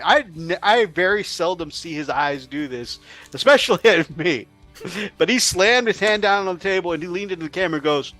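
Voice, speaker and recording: Higher-voiced man telling a lively story. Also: fairly quick, soft background music. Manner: animated storyteller, laughing often. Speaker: co-host. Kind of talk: casual livestream chat.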